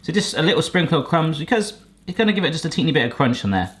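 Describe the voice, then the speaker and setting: A man's voice: on the high side, racing. A man hosting a casual home cooking video, chatting playfully and joking as he cooks in his kitchen. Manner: playful, jokey, animated. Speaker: cooking show host.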